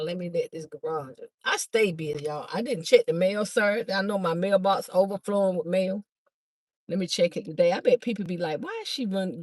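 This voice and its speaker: A woman chatting fast on a phone livestream to her viewers, a bit out of breath as she walks from a car through a garage into a house. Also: lowish voice, a little mellow, no room sound. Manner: chatty, talks fast to viewers, calls them "y'all". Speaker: livestream host and vendor. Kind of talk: casual livestream chat to viewers. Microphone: phone held by hand.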